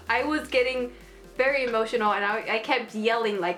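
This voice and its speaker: Woman, casual review, gushing, emotional, higher pitch, faint background music. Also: steady tone, moderate pace, a bit bright. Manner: gushing and emotional, lots of "like" and "oh my goodness". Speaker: anime reviewer.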